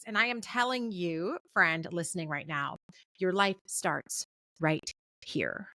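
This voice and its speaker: A woman's voice: on the low side, normal speed, sharp tone, no room sound, studio quality. A woman in her thirties, a communications professor, speaking as a guest on an interview podcast with emphatic, preacher-like encouragement.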